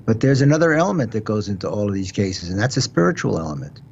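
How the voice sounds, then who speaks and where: A man's voice: on the low side, big pitch swings, fast talker, creaky, darkish tone, slight background noise. An older man with a New York accent, a retired judge hosting a casual radio talk show, explaining legal matters with frequent restarts. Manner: explanatory, repeats words, restarts. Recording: dull lo-fi broadcast audio.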